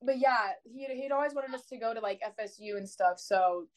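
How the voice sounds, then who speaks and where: A young woman, a college sprinter, telling her story in an interview, chatty and animated, with many "like" fillers. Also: a little high, moderate pace, rough recording. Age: young adult.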